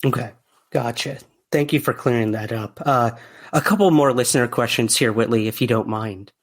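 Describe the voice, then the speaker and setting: Mid-pitched man hosting a podcast. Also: normal speed. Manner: friendly, filler-heavy questions. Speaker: podcast host. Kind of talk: podcast interview.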